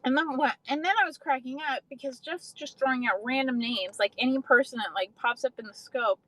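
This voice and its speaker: A woman's voice: high voice, brisk, a bit bright, no room sound, rough recording. A young adult woman casually chatting on a livestream, swearing freely and answering viewers' comments. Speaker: livestream host.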